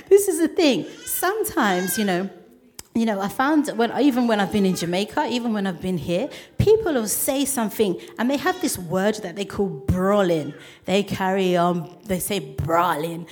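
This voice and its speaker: Brief: a woman preaching, chatty and animated, slips into voices when she quotes people. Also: fairly high pitch. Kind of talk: sermon.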